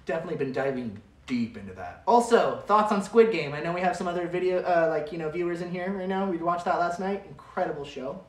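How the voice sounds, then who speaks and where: An upbeat, chatty livestream host, rambling through fillers. The voice sits in a mid pitch and rings around an echoey room, picked up by a mic set well back. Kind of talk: casual livestream chat. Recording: roomy sound from a distant mic.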